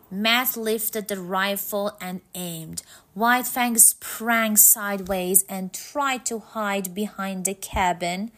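Woman narrator, storybook reading, very slow and measured, calm, mid-pitched voice.

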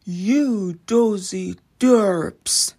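A woman voicing a huge, bossy, angry male giant in a storybook reading, yelling slowly. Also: steady tone, full character voice. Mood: bellowing. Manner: slow booming yells.

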